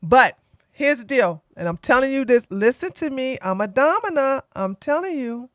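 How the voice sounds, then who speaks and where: A woman giving blunt, opinionated commentary as an online streamer, animated and fond of mocking impressions. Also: high voice, normal speed, dry recording, clean studio sound.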